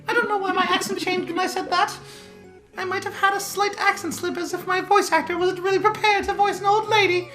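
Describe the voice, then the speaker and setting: A woman with a very high voice chats casually through a let's play. She jokes and mocks herself. Game music plays underneath. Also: flat delivery, a little fast, low-quality recording. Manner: joking, self-mocking.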